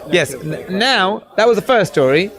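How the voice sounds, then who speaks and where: A man's voice: high voice, expressive, moderate pace, creaky, crowd noise. A man hosting a live fundraising broadcast, chatty and rambling as he fills time.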